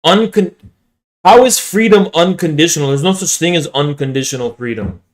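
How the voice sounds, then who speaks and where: A man's voice: fairly high pitch, normal speed. A man streaming, reacting to clips with blunt, sarcastic, sweary commentary.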